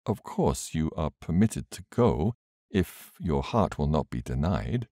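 Male reader as a gentle, sorrowful older brother; very low, dry close read. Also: very animated, slow pace, dry recording, heavily acted. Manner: gentle and sad. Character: gentle, grave man, a caring older brother.

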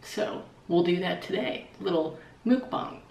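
A woman's voice: on the low side, measured pace. A young woman casually chatting as she cooks and eats at home, bubbly and swearing now and then. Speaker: cooking vlogger. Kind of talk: casual cooking vlog. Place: home kitchen. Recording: echoey kitchen, clear background noise.

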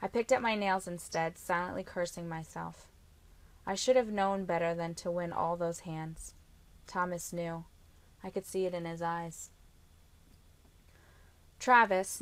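A woman narrating a novel in the first person, reading with steady, even storytelling. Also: on the low side, moderate pace. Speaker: audiobook narrator.

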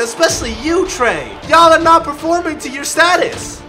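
Young guy yelling over his basketball game, high bright voice jumping all over, game music under it. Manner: excitable, yelling at his players, quick swings to muttering. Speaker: gaming video creator. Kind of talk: live gameplay commentary.

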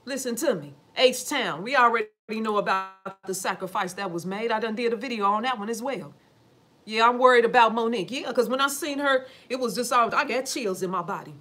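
A woman vlogger talking casually to her viewers, animated and preachy, swearing a lot and asking rhetorical questions. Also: fairly high pitch, fairly quick. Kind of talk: casual talk to camera.

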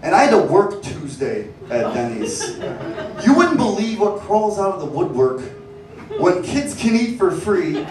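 A stand-up comedian with a high voice that swoops lively as he tells his stories. His delivery stays deadpan and sardonic. The mic picks him up from a distance in an echoey club with steady noise behind.

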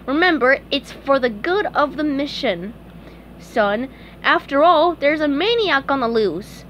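A woman voices a cheerful, eager sponge boy from a storybook, pitched high and a little bossy. He talks in an excited, self-important way, with a faint hiss of noise under the voice. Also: unhurried.

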